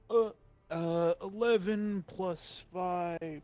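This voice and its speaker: Male player, slightly high voice, muffled dry lo-fi recording, talks through his math. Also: lively intonation, slow pace, fairly bright tone, soft background music. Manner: thinks aloud over rules and dice math. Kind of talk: tabletop game play.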